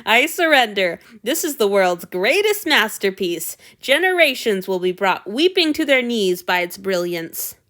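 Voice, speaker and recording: A woman's voice: medium pitch, big pitch swings, a little slow, hardly any pauses, a bit bright. A woman voicing a prickly young male lord who talks in a dry, snappish way. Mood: teasing.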